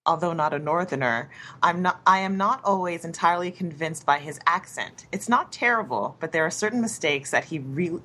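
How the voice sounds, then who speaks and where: Husky woman reading an email, English accent. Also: lowish voice, expressive, brisk, bright, forceful tone. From England. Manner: reads with small restarts and giggles. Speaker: listener email reader.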